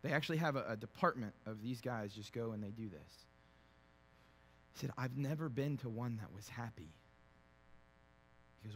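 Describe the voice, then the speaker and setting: A man preaching a sermon as a pastor, shifting from quiet conversational storytelling with fillers to loud, emphatic preaching. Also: mid-range voice, animated, normal speed, long pauses, a little hiss or hum. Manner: conversational, with fillers and repeated words. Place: church sanctuary.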